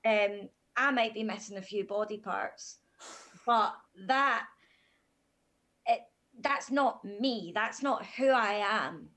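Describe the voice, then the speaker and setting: A woman's voice: medium pitch, slow pace, a bit bright. A woman guest on a podcast, telling a hard personal story in a frank, matter-of-fact way.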